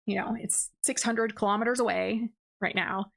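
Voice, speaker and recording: A woman at a desk mic talks through a novel's plot in a loose, chatty way, leaning on fillers as she goes. Her voice sits at an ordinary middle pitch, and her tone is easy and conversational. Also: fairly even intonation, normal speed, creaky. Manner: chatty, filler-heavy with frequent "like" and laughs. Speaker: book reviewer. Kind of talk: casual spoken book recap. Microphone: desk microphone.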